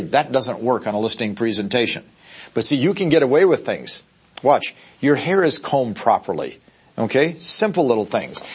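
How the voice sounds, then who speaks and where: In a seminar, a man trains real estate agents in a husky, mid-range voice. He talks emphatically, checks in with the audience, and acts out short quoted voices.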